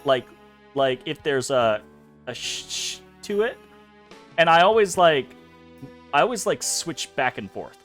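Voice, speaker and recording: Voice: mid-range voice, big pitch swings, a little slow, pauses often, a bit bright, faint music behind. A let's play host giving casual, rambling game commentary, swearing freely and laughing.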